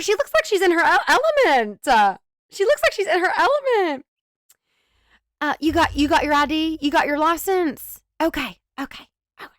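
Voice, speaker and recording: A cheerful Southern woman poll worker with a Southern accent, put on by a woman, all sing-song pet names and quick orders. The voice sits high and lively, and it bounces around as she waves people over. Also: no room sound, studio quality.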